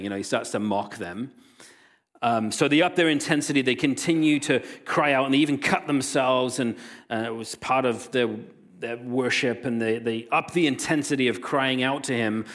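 A man delivering a sermon in a mid-range voice. He moves between retelling a scripture story with animated quoted lines and reading the passage aloud. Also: mid-range voice, moderate pace. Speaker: pastor.

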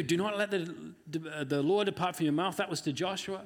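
A man's voice: high voice, brisk, hardly any pauses. A man preaching a sermon in an earnest, conversational way, often acting out the voices of the people he quotes. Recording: long hall reverb.

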